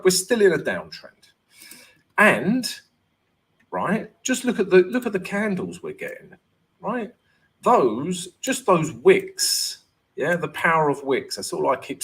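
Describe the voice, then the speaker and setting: A forex trading host runs a live Q&A stream, chatting and joking, greeting viewers by name, and peppering his talk with "right?" and "um." His voice is mid-range with a fairly bright tone.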